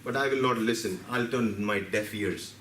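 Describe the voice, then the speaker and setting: A man's voice: fairly low pitch, moderate pace, a bit bright, a little hiss or hum. A man from India, giving a playful, story-driven health lecture and asking the audience questions. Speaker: health speaker. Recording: roomy hall, distant mic, faint background.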